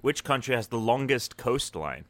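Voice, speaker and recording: Bright, laughing podcast man. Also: mid-range voice, very animated, normal speed, no room sound. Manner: laughs often and asks quiz questions. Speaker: podcast co-host. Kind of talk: casual chat.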